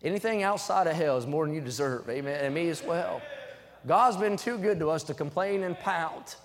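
A young man preaching a sermon in a church, emphatic and rising to loud, fervent peaks, reading scripture aloud between his points. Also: fairly high pitch, normal speed, big-room sound. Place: church sanctuary.

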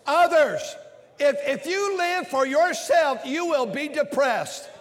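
High-voiced preacher shouting in a hall. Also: male voice, expressive, takes it slowly. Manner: impassioned, swings from shouting to quiet. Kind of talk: sermon. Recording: long hall reverb.

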